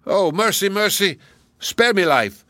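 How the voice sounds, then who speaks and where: A man's voice: on the high side, expressive, brisk, sharp tone, dry recording, pitched above the performer's own voice. A man voicing a brutish many-headed giant who roars threats and then begs shrilly for mercy. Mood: pleading. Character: roaring fire-spitting many-headed male giant, brutish.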